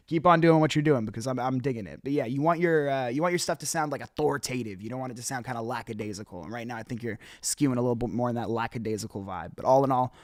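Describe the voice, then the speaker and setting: A man's voice: medium pitch, dry recording, studio quality. A young man hosting a show, giving casual, encouraging feedback on rap entries, rambling with many restarts and swearing. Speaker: host. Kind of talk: casual feedback on music submissions.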